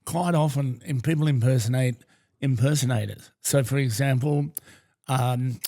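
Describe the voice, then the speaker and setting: A man co-hosting a podcast, speaking in a measured, articulate way with dry humour. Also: mid-range voice, dark tone. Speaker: podcast co-host. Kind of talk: casual podcast chat.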